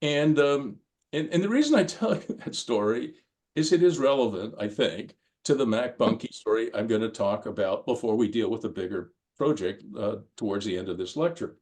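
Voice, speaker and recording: A man's voice: fairly low pitch, lively intonation, normal speed, darkish tone. An older man giving a course lecture in a conversational, anecdotal way, with frequent ums and restarts as he tells stories.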